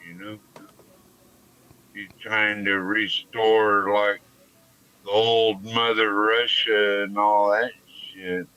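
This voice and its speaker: A man's voice: lowish voice, little pitch movement, slow, pauses often, sharp tone, clear, resonant tone, lo-fi sound. A man chatting bluntly and profanely on a live stream. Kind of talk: casual live-stream chat.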